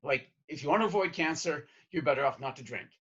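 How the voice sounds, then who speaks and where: A man from Canada, a guest in an interview conversation, speaking in a halting way with many restarts as he cites studies. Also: a little high, animated, bright, forceful tone, husky. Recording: slightly muffled lo-fi audio.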